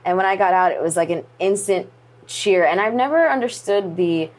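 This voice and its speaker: A woman's voice: on the low side, normal speed. Chatty woman wrestler telling a story. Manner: animated, acts out quoted voices; many fillers like "like" and "you know". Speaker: wrestler, interview guest. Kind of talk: casual interview storytelling.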